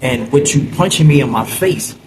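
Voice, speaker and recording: Man telling a story over loud traffic noise. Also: mid-range voice, lively intonation. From New Jersey. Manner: halting, full of fillers and "you know what I'm saying". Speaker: storyteller recounting his childhood. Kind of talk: casual storytelling. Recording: loud vehicle noise behind.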